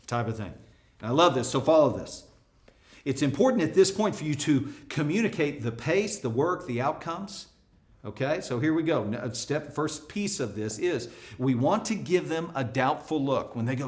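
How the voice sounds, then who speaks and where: Man, leadership speaker; energetic lesson delivery, slightly high voice, playful acted-out asides. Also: a little fast. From United States. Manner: energetic, acts out dialogue with pitch jumps. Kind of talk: motivational workplace lesson.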